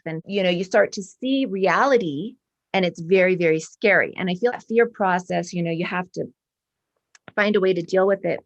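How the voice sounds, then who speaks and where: Woman, 40s, guest artist, low-ish voice, rambling and sincere. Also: fairly quick, muffled recording. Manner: rambling, earnest, many restarts. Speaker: guest artist and art professor. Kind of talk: spiritual casual interview.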